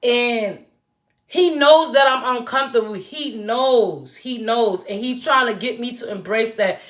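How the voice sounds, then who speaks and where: A woman's voice: fairly high pitch, measured pace, fairly bright tone. A woman in her forties, hosting a casual livestream chat, talking straight to her viewers in a chatty, emphatic way. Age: 40s. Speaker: livestream host.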